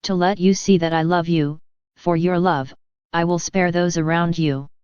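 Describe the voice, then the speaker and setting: Jesus, gentle sorrowing man, read by a woman; low-ish, very clear, dry, a bit muffled. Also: steady tone, moderate pace, no room sound, lightly acted. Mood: tender sorrowful.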